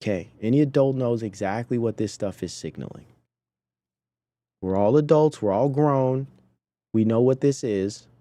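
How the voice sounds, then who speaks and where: A man's voice: mid-range voice, normal speed, pauses often, warm tone, no echo. A man hosting a podcast, giving indignant, preachy commentary on video clips and talking to his chat. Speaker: podcast host.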